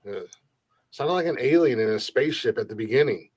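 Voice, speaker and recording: A man's voice: mid-range voice, animated, brisk, slightly rough, no echo. A man with an American accent chatting casually on a livestream, joking and teasing with frequent laughs. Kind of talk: casual chat.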